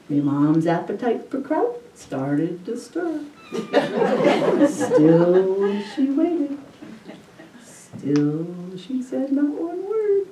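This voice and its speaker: A woman telling a personal story live, slow and deliberate, with a mellow tone and a lively, swooping pitch. Her delivery is wry and savors the details. The sound is roomy and a little distant from the mic. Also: slight background noise. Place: stage at a live storytelling event.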